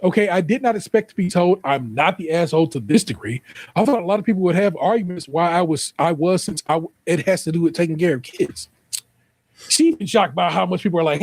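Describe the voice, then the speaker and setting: A man's voice: high voice, expressive, quick pace, dry recording. A man with an American accent reading an online post aloud, then joking through profane commentary and spelling out the typos. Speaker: podcast host.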